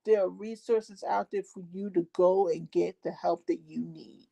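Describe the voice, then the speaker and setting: A woman's voice: on the low side, steady tone, normal speed, gravelly, mellow, lo-fi sound. A woman guest who hosts her own podcast, talking candidly and heartfelt about her own experience, with frequent ums. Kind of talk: candid personal conversation.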